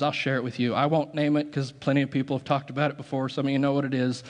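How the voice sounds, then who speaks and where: A man's voice: on the high side, long reverb tail. A man preaching a sermon as pastor, talking conversationally, correcting himself as he goes, and laughing at his own asides.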